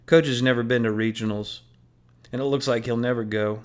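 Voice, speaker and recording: A man's voice: mid-range voice, fairly even intonation, brisk, close to an everyday voice. A man voicing an intense teenage team captain rallying his teammates. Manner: earnest, rallying.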